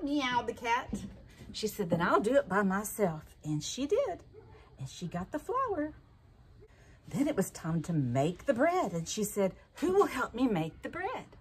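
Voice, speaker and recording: A woman telling a story to children in an animated way, often asking the listeners questions. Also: fairly high pitch, measured pace, a little hiss or hum. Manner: lively, animated storytelling with asked questions to kids.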